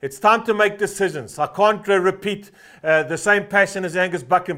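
A man in his fifties delivers a fervent sermon in a fairly high voice. He tells personal stories loosely, full of "uh" fillers, then drives his point home by repeating one short phrase again and again. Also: normal speed, background noise. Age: 50s. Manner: storytelling with frequent "uh" fillers. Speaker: pastor.

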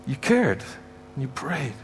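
In a church sanctuary, a Canadian man serving as guest preacher speaks with a medium-pitched, sing-song voice at a measured pace. His heartfelt sermon repeats key points emphatically and pronounces blessings over the congregation. A little hiss or hum runs through the audio.

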